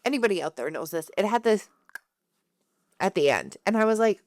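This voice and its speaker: A woman co-hosting a podcast in casual chat, telling animated stories full of acted-out quotes and frequent laughter. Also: medium pitch, a little fast, no room sound, clean studio sound. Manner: animated storyteller who acts out quotes and laughs often. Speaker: podcast co-host.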